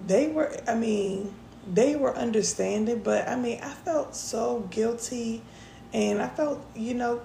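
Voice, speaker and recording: Woman podcaster, gravelly voice, mellow tone, chatty storytelling, echoey room. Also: mid-range voice, a little hiss or hum. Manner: chatty, addresses listeners as y'all. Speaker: podcast host. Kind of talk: casual storytelling. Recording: echoey room with faint ambience.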